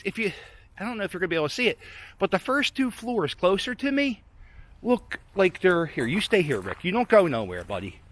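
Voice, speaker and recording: A man rambling casually while he walks a snowy abandoned waterfront, chatting to his dog on a handheld camera. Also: mid-range voice. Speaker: vlogger exploring abandoned sites. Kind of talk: casual walking commentary. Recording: outdoor noise.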